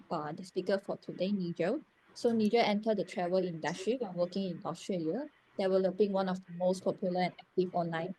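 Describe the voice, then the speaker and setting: A woman with a fairly low voice hosts an online webinar over a video call. She introduces things in a friendly, slightly halting way, leaning on uh and so. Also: darkish tone, slight background noise. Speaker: webinar host.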